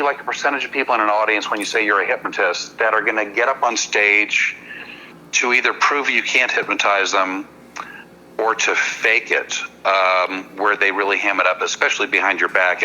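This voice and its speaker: A man, a hypnotist comedian guest on a podcast, telling a long anecdote in a casual, halting way, often repeating words and checking in with "you know.". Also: fairly low pitch, bright, forceful tone, a little hiss or hum, low-quality recording. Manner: halting, repeats words while building a story; apologetic, checks in with listeners.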